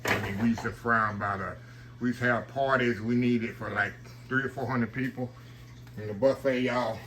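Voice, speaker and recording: A man's voice: medium pitch, steady tone, moderate pace, fairly bright tone, slight background noise. A man hosting a casual home cooking demo, chatty and saying "y'all" a lot. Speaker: home cook channel host. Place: home kitchen, frying on the stove. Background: frying sizzle.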